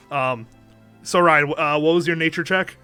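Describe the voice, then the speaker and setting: A man's voice: on the high side, a little slow, sharp tone, clean tone, soft background music. A man narrating as game master in a tabletop game, casual and laughing, with many restarts. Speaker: dungeon master.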